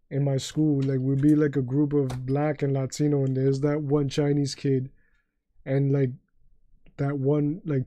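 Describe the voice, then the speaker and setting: A man's voice: mid-range voice, mellow, dry recording. A man from New York City with a New York accent, chatting casually on a game livestream and telling rambling, profane stories full of restarts. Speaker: streamer.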